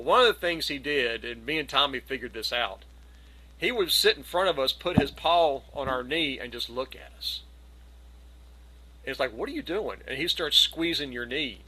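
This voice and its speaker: A middle-aged man telling a long, animated anecdote on a video call, slipping into the voices of the people in it. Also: medium pitch, moderate pace, rough recording. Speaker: community gathering participant. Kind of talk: casual storytelling.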